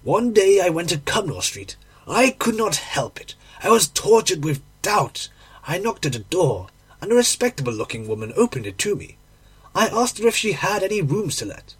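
A male audiobook reader delivering a classic tale with dramatic, emotional expression. His voice is strongly husky and breathy and sits a little high for a man. His pitch swings widely as he tells the story. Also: sing-song, normal speed.

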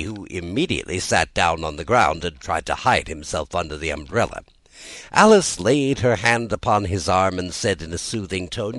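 A man reads a storybook aloud in a low voice. His narration is animated and swings widely in pitch, and the recording is dry and close. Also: moderate pace, no room sound. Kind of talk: storybook reading.

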